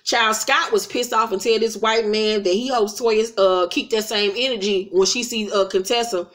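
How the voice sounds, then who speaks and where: A woman's voice: medium pitch, fairly even intonation, normal speed, fairly bright tone. A woman recapping a reality show in a casual vlog, blunt and profane, retelling scenes with mocking quoted voices.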